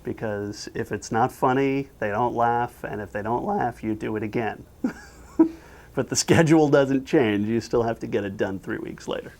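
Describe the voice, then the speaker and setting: A man in a making-of feature who explains how episodes are written, then pitches a cartoon scene by acting it out. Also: normal speed. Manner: lively, acts out scenes. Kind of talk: animated story pitch.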